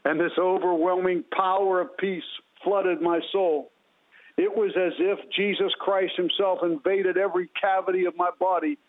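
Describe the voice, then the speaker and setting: A man's voice: high voice, fairly even intonation, normal speed. A man giving an impassioned, preacherly testimony and leading a prayer as a guest. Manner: impassioned, preacherly, repetitive phrasing. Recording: tinny phone line.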